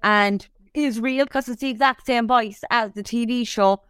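A young woman with an Irish accent tells a story in a lively, casual way, swearing as she goes. Her voice is smooth and clear and sits a little high. The sound is dry and close. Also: normal speed, no echo. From Ireland. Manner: animated storytelling, swears freely. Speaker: podcast co-host. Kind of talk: casual chat.

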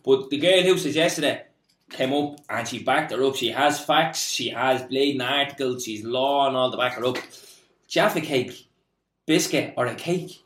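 A man's voice: mid-range voice, moderate pace. A young Irish man co-hosting a podcast, telling stories with crude slang in casual banter. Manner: animated storytelling with crude slang. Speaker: podcast co-host. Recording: roomy echo.

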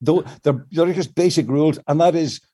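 Older man, mellow voice, songwriter explaining craft. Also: a little high, a little fast. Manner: explains at length with many restarts, sings fragments to illustrate. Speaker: songwriter guest. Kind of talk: reflective interview answers.

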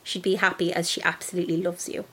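A woman's voice: fairly low pitch, level tone, quick pace, slightly rough. Sweary woman podcast co-host. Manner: sweary, blunt, reads listener emails aloud. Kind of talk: casual chat.

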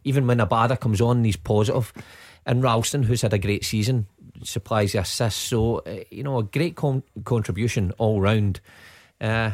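A Scottish man, a former player, giving steady, measured football analysis on the radio. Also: lowish voice, dry recording. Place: radio studio.

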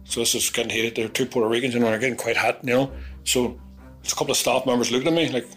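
A Belfast-accented man tells a rough story in a blunt, profane rush, swearing freely and acting out other people's lines. His voice sits at an ordinary middle pitch. Faint music plays underneath. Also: rapid-fire. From Belfast, Northern Ireland. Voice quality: blunt, profane, animated retelling with acted-out quotes. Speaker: interviewee recounting his past. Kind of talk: vivid storytelling, heavy swearing.

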